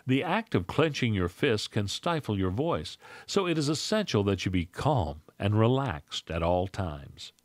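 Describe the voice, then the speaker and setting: A man reading a scripted lesson on public speaking in a measured, instructive way. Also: lowish voice, no echo.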